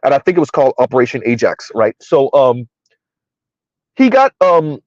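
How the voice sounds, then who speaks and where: A man's voice: medium pitch, big pitch swings, normal speed, darkish tone, no echo. A middle-aged man hosting casual live-stream commentary, rambling with lots of fillers and laughs. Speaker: commentary channel host. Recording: dull, lo-fi dry recording.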